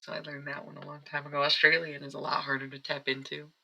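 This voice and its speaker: Gravelly, sharp-voiced live-stream psychic. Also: medium pitch, completely flat delivery, fast, rough recording. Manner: rambling, chatty, self-interrupting. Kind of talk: casual live-stream chat.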